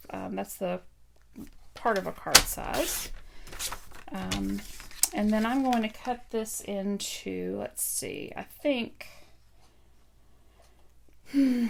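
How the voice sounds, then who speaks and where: A woman with a heavily gravelly, fry-laden voice talks through a card-making demo at her craft table, thinking aloud and filling pauses with ums. The home livestream audio carries clear background noise. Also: mid-range voice. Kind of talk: casual live craft tutorial.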